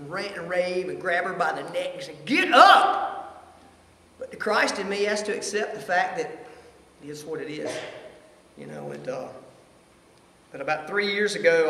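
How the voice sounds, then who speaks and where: A middle-aged man giving a personal testimony at a church recovery meeting. He speaks earnestly and haltingly, and he often repeats phrases. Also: on the high side. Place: church hall. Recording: echoey hall with faint ambience.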